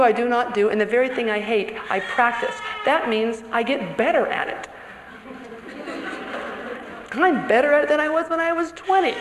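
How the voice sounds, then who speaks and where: A woman preaching a sermon to other women, animated and storytelling, sometimes acting out an accusing inner voice. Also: on the high side. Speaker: women's conference speaker. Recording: echoey hall with faint room noise.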